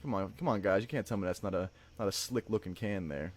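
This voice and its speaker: A man's voice: low voice, quick pace, background noise. A man hosting a casual livestream, rambling and joking, often tacking "man" onto his sentences and laughing. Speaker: livestream host.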